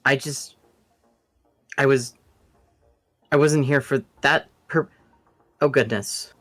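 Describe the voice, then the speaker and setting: A man's voice: mid-range voice, normal speed, sharp tone, no room sound, faint music behind, pitched above the performer's own voice, close to an everyday voice. A man voicing a nervous young woman who stammers through flustered apologies.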